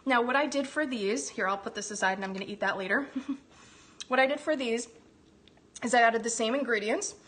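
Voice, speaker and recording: A woman's voice: mid-range voice, fairly bright tone. A woman hosting a live cooking demonstration from her home kitchen, bubbly and chatty, gushing over the food and talking while she eats. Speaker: cooking show host.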